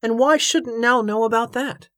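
A woman's voice: fairly high pitch, moderate pace, a bit bright, no room sound, clean studio sound, pitched above the performer's own voice, lightly acted. A woman voicing a frank young widow who talks bluntly and wryly, in a storybook reading. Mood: teasing. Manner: blunt, wry, forthright.

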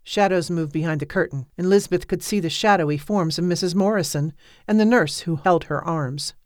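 A woman narrating a novel as an audiobook in a measured, even manner. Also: fairly low pitch, no room sound, studio quality.

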